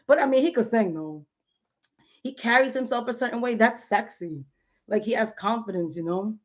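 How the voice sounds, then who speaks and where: A chatty woman in her thirties talks casually from home on a live stream, slangy and full of "like" and "you know". Her voice sits a little high. The stream audio is dull and lo-fi. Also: moderate pace. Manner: chatty, animated, slangy with many fillers.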